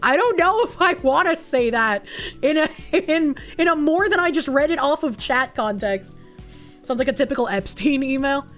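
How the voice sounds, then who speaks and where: A woman's voice: sits high, expressive, normal speed, a bit bright, faint music behind. A woman live streamer chatting casually with her viewers, blunt and profane, reacting to things with disbelief.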